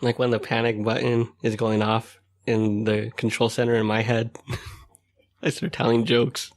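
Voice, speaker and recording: A man's voice: medium pitch, flat delivery, a little slow. A man co-hosting a podcast in casual chat, rambling with lots of fillers and frequent laughter. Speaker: podcast co-host.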